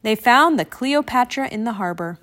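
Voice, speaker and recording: A woman reading a children's picture book aloud in an expressive, animated way. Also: on the high side, moderate pace. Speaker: storybook reader.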